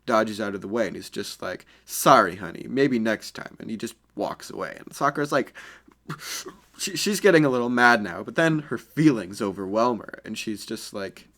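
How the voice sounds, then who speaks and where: A man's voice: fairly low pitch, animated, normal speed, fairly bright tone. A man improvising a fan story in a rambling, crude and self-conscious way.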